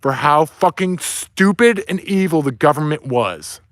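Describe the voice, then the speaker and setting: A man's voice: on the high side, expressive, measured pace, fairly bright tone, no echo. A man delivering an angry, profane, preachy rant outdoors. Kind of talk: ranting monologue. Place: outdoors near woods, with dog.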